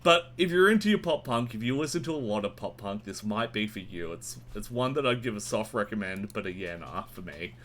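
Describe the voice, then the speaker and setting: A man reviewing new albums in a casual, rambling and sweary way, with sudden jumps in pitch. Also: expressive, brisk, few pauses, fairly bright tone. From Australia. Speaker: music reviewer. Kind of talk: casual monthly album roundup.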